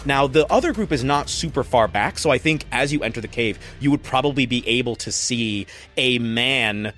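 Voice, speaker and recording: A man's voice: medium pitch, normal speed, fairly bright tone. A man narrating a tabletop game as game master, describing scenes casually with fillers.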